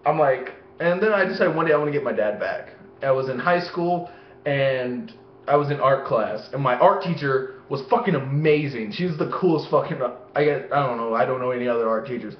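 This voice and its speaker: A man's voice: medium pitch, fairly quick, slight background noise. Swearing young man telling stories, echoey. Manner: heavy swearing, animated acting-out of voices. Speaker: vlogger. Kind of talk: rambling personal storytelling. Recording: echoey room, dull lo-fi sound.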